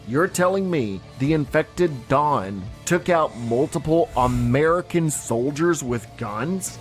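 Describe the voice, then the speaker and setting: A man hosting a reaction video, giving sarcastic, incredulous ranting commentary. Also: medium pitch.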